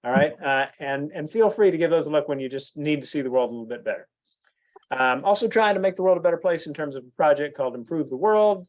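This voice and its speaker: A man, giving a speech at a club meeting and telling stories with lots of restarts and fillers. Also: fairly high pitch. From United States. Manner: animated storyteller, frequent restarts and "you know". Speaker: guest speaker at a club meeting. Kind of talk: anecdotal speech.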